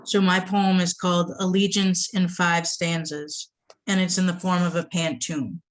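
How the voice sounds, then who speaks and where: A woman from the Boston area reading her poems aloud at a poetry event, with a measured delivery and short asides to the audience. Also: on the low side, steady tone. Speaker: poet reading her work.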